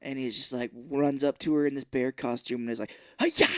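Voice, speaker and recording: A man co-hosts a podcast, recapping a film in casual chat and acting out scenes with animated storytelling as he goes. His voice is medium-pitched and a little fast, with clean studio sound and no echo.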